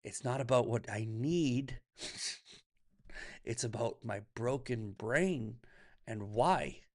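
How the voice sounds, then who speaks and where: Speaking slowly in a medium-pitched, darkish voice, this livestream host rants in a casual, profane way. He reads the chat's comments out loud and laughs frequently.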